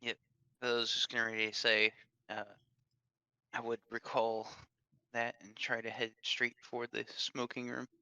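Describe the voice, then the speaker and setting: A man's voice: medium pitch, completely flat delivery, normal speed, long pauses, pushed and bright, clear, resonant tone, no echo. A man playing a tabletop game, talking through his moves in a laid-back way. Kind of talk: casual chat.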